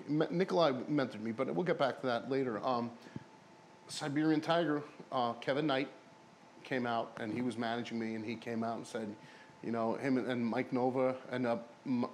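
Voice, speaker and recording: A man's voice: mid-range voice, moderate pace, slight background noise. Profane rambling ex-wrestler man. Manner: rambling, profane, imitates others in stories. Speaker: interview guest, former pro wrestler. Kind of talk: casual storytelling interview.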